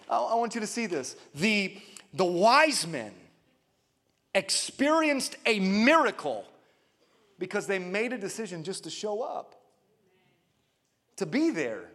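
A male pastor preaching a lively sermon, calling on the congregation for responses. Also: high-pitched, normal speed. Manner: animated preaching with call-and-response. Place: church sanctuary. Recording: long church hall reverb.

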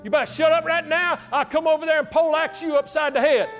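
A man's voice: sits high, fast, voice pushed up, close to an everyday voice. Sassy woman, as a pastor puts her on. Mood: feisty. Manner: brash, sassy. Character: feisty blunt woman who loves chewing tobacco. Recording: long hall reverb with faint music.

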